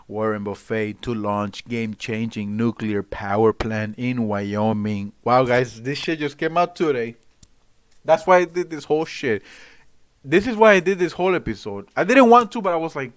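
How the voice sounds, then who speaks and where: Man, livestream host, rambling and profane, smooth clear voice, dry close sound. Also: a little high, moderate pace, no echo. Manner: profane, rambling, excitable slang-heavy talk. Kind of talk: casual livestream commentary.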